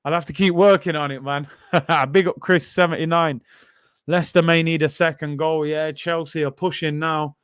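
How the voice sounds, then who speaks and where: A man's voice: a little high, fairly even intonation, normal speed, clean tone, no room sound, clean studio sound. A man hosting a football watchalong stream, chatting casually, using slang and reading out viewer comments.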